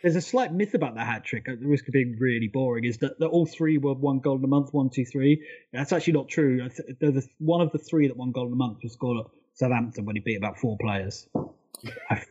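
A man co-hosting a casual football podcast, talking quickly and eagerly through detailed points. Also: medium pitch, warm tone, slightly rough, lo-fi sound. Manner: fast, enthusiastic, detailed storytelling. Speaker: podcast co-host.

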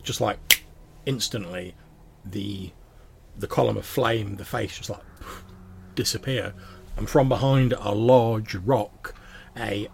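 A man's voice: fairly low pitch, vocal fry, a little hiss or hum. A man narrating as game master of a tabletop game, descriptive and loose, with frequent fillers.

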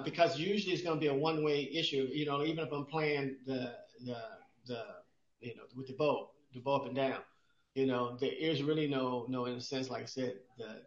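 A man's voice: mid-range voice, a bit bright. Man explaining with rhetorical questions. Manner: rhetorical questions, many restarts, emphatic. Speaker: podcast co-host, exercise expert. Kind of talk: explanatory casual chat. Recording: roomy, dull lo-fi sound.

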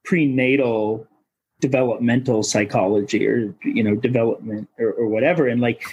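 A man's voice: medium pitch, steady tone, normal speed, darkish tone, husky, dull audio. A man from Minnesota, a coach of coaches, talking as a podcast guest in a searching, philosophical way and swearing casually. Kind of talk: reflective podcast conversation.

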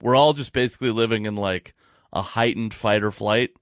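A man hosting a casual podcast chat, telling a story in an animated, profane way. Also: lowish voice, brisk, dry recording, clean studio sound. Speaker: podcast host.

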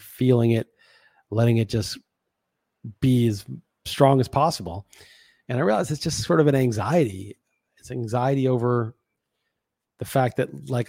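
A man's voice: mid-range voice, a little mellow, dry recording, studio quality. A man hosting a podcast, talking through a reflective solo monologue in a frank, musing way with casual swearing. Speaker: podcast host.

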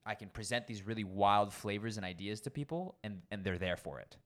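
Young male sommelier guest, low-ish voice, lively casual storyteller who swears freely. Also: a little fast. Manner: animated, acts out quoted people, frequent swearing.

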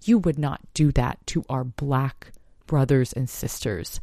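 A woman's voice: extremely low pitch, a little slow, warm tone, no echo, studio quality. A woman hosting a podcast, speaking in an earnest, emphatic monologue and swearing now and then for emphasis. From United States. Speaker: podcast host. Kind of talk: impassioned monologue.

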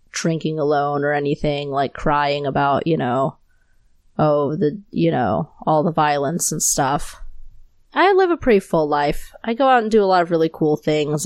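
A woman's voice: low-pitched, darkish tone, no room sound. A woman hosting her solo podcast, talking straight into her new mic, angry and impassioned, swearing often. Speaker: podcast host.

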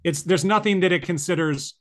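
A man's voice: high-pitched, fairly quick. Rambling man hosting a podcast. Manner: rambling, many fillers and restarts. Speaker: podcast host. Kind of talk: casual conversational podcast chat.

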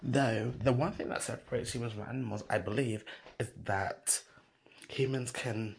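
A woman vlogger telling a rambling story in a blunt, sassy way, swinging between loud outbursts and hushed asides. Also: very deep voice, moderate pace, gravelly, a crowd in the background.

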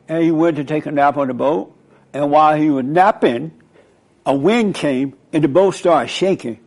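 A man's voice: fairly high pitch, moderate pace, darkish tone. Rambling male radio host. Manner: rambling, storytelling, moralizing. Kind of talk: preachy radio monologue.

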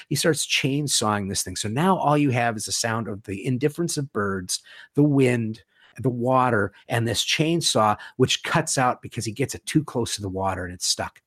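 A man's voice: mid-range voice, no echo, studio quality. A man talking as a guest in a conversation, retelling film scenes with vivid storytelling and acted-out quotes. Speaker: guest, horror author.

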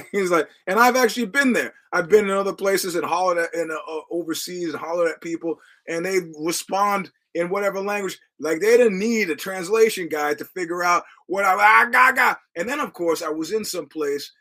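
A man's voice: high-pitched, moderate pace, hardly any pauses, pushed and bright, rough recording. A middle-aged American man hosting a podcast, rambling through stories with restarts, quoted voices and wry profanity. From United States. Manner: digressive storytelling with many restarts and quoted voices. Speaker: podcast host. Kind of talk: casual rambling monologue.

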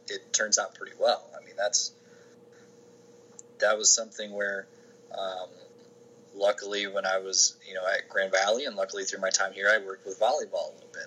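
Interview guest: man, lowish voice with a bright edge, rambling casual answers full of restarts, faint hiss behind. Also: rough recording. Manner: rambling, many restarts and fillers. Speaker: sports information director, podcast guest.

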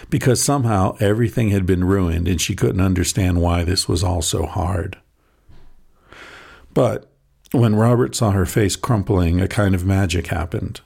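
A man reading a short story aloud in a soft, measured narrating voice, with a husky, gravelly tone. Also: sits low.

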